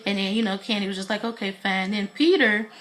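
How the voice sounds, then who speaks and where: A woman's voice: mid-range voice, steady tone, brisk, fairly bright tone, soft background music. A woman giving a casual spoken recap of a reality TV episode, retelling scenes in a chatty way with many fillers. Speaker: TV reality show reviewer.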